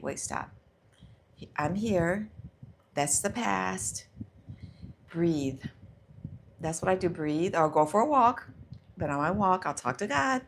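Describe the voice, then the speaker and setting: A woman hosting a live stream, giving a casual motivational talk with animated self-talk. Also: fairly low pitch, a little hiss or hum. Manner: warm, animated self-talk, sometimes laughing. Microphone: microphone close by.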